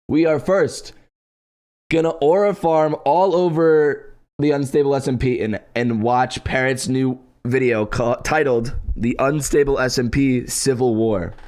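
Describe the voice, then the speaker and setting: A young man live-streams in a medium-pitched, slightly mellow voice that's congested from just waking up. In a relaxed way he chats with his viewers, answers the chat, and thanks his donors.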